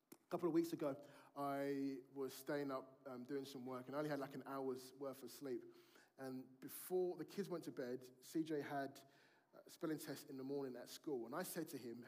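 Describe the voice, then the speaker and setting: A man's voice: mid-range voice, normal speed, a little mellow. A man, preaching a sermon in a conversational storytelling way and acting out family dialogue.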